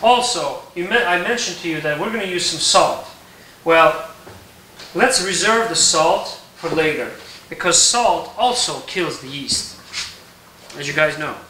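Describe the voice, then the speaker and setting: A man teaching a recipe in his kitchen, explaining each step in a relaxed way and checking in with "okay?". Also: fairly high pitch, unhurried, reverberant, far from the mic, a little hiss or hum, poor audio. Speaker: home baker teaching a recipe. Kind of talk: casual cooking tutorial. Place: home kitchen.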